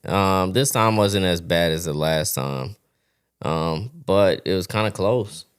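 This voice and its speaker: A man's voice: deep voice, takes it slowly, clear, resonant tone. A man hosting a podcast in casual chat, laid-back and joking, with lots of slang. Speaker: podcast host.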